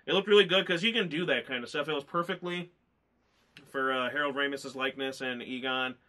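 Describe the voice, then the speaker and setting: Guy rambling about a movie, teary and choked up, bright tense voice, lots of you knows. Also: medium pitch, a little fast. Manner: rambling, emotional, lots of fillers. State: tearful, choked up. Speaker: movie reviewer. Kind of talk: casual chat.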